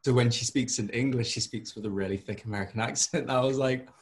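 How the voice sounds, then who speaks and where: A man's voice: medium pitch, fast. A man with a Liverpool Scouse accent chats casually as a podcast host. He laughs often and drops in the odd swear word. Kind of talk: casual chat.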